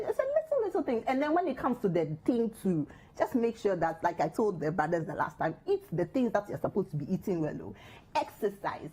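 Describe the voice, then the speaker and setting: A woman's voice: medium pitch, warm tone, slightly rough. A Ghanaian woman co-hosting a relationship advice show in a studio, giving teasing, playful counsel.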